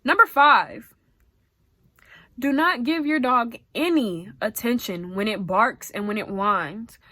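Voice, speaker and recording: A woman's voice: a little high, slow, no echo, studio quality. A young woman vlogger giving dog-training tips in a casual, emphatic, slangy way. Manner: emphatic, animated, slangy and direct. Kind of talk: casual chatty advice.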